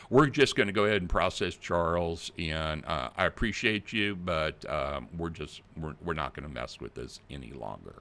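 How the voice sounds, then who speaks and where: A man's voice: rumbling low, expressive, normal speed, a bit bright, exaggerated voice. A man doing a pushy fake cop on the phone. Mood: bullying. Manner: brusque, impatient, bullying. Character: pushy male phone scammer posing as a police officer.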